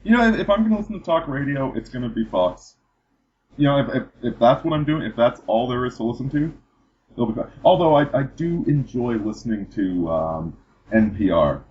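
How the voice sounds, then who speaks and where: A podcast host with a medium-pitched, lively voice talks a little fast through a casual political chat, rambling and restarting sentences with repeated words. There's slight background noise, and the podcast audio is dull and lo-fi.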